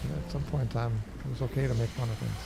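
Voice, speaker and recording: Man, gravelly, laid-back gamer host; noisy stream audio. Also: mid-range voice, steady tone, rapid-fire. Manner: laid-back, laughs often, calls out game moves. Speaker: streamer playing an online game. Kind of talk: casual gameplay chat.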